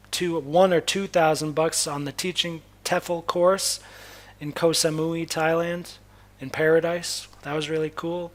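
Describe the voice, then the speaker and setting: A young man from Massachusetts telling a personal story as a vlogger. He talks candidly, swears freely, and often restarts his sentences. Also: fairly high pitch. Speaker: spiritual vlogger. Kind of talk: casual personal storytelling monologue.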